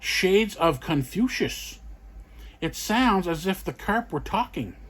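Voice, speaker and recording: A money-hungry rich master who speaks with stiff politeness, as a man puts him on for a storybook. His voice runs fairly high. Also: very animated, slow pace, a bit bright, slightly rough, exaggerated voice. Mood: curious. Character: greedy rich male master.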